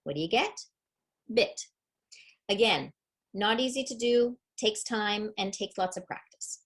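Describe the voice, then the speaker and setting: A woman's voice: medium pitch, lively intonation, normal speed, slightly rough. A middle-aged woman teaching a parenting webinar on early reading, upbeat and demonstrative, explaining step by step. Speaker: literacy educator.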